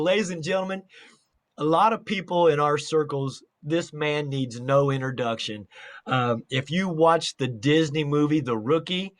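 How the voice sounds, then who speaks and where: Male interview host, slightly high voice, energetic motivational delivery. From Salt Lake City area, United States. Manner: energetic, hype-style intro. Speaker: podcast host. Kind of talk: upbeat interview show.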